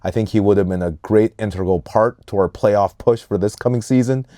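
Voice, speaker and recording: A man hosting a casual sports podcast, giving animated hot takes and stretching out names for emphasis. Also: fairly low pitch, brisk, dry recording, clean studio sound. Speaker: podcast host.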